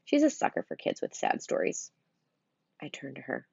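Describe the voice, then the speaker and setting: Low, husky middle-aged woman reading aloud. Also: wildly swooping pitch, normal speed, darkish tone, no room sound, muffled recording. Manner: chatty, punny asides to listeners. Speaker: storybook reader. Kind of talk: reading a children's novel aloud.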